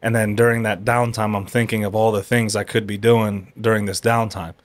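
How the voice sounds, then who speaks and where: A man talking reflectively in a casual podcast conversation, musing out loud. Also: lowish voice, level tone, a little fast. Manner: reflective, conversational, frequent "like" and "right". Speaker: podcast guest.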